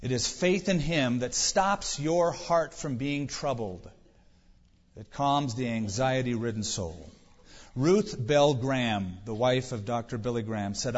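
A man's voice: medium pitch, a little slow. A male pastor preaching a sermon, driving points home with emphatic rhetorical questions. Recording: dull reverberant hall recording.

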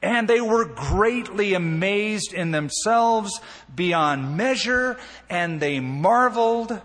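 A man preaches a sermon from the pulpit, telling the story animatedly with swings between emphasis and quiet asides. His voice sits a little high and sounds a bit husky. It rings out with a long reverb in a church sanctuary. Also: lively intonation, slow. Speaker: pastor.

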